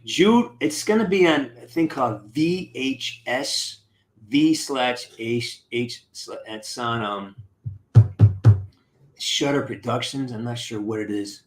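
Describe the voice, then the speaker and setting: A man's voice: mid-range voice, slow, soft background music. A man hosting a casual live stream, greeting viewers by name and chatting in an upbeat, rambling way.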